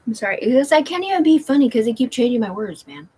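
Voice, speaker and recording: Woman vlogger, husky voice, home livestream, rambling and tangential. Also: a little high, sing-song, fast, darkish tone, poor audio. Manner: rambling, tangential, with many fillers and restarts. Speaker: vlogger talking to viewers.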